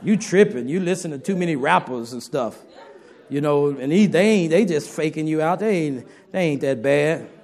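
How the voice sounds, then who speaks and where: A man's voice: on the high side, animated, moderate pace, darkish tone. A man preaching a sermon to his congregation in a folksy, humorous way, talking straight to the listeners.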